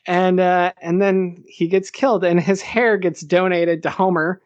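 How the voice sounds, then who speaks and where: A man's voice: high voice, steady tone, moderate pace, few pauses, no room sound, muffled recording. A man hosting a casual podcast, easygoing and laughing as he talks. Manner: easygoing, laughs while talking. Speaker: podcast host.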